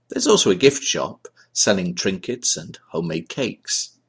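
A man reading a scripted piece in a dry, deadpan way. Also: sits low, measured pace, slightly rough. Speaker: story contributor. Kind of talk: scripted narration.

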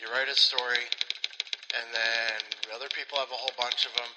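A man's voice: medium pitch, level tone, brisk, very noisy. Rambling male host in a reverberant room. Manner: rambling, swears casually. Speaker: podcast host. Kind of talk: casual chat.

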